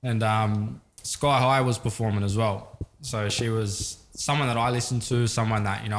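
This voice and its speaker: A young man from Sydney with an Australian accent, telling stories as a guest in a casual interview with lots of fillers. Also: lowish voice. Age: young adult. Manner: laid-back storytelling, lots of fillers. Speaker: guest rapper.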